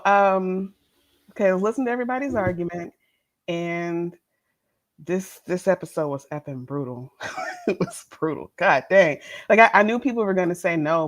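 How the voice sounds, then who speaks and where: A woman co-hosting a podcast, chatting casually about a reality show, laughing often and acting out the people she quotes. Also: on the low side. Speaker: podcast co-host. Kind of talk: casual reality TV review chat.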